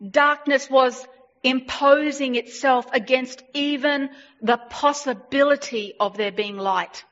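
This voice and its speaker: A woman preaching a sermon, retelling a story with animated emphasis and repeated phrases. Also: on the high side. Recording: dull lo-fi sound.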